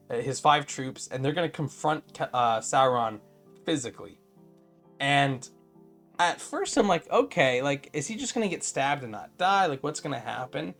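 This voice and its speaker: Guy venting about a tv episode, kinda high voice, lots of likes and restarts, faint music under it. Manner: animated, exasperated, lots of fillers and restarts. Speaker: podcast co-host. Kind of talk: casual review chat.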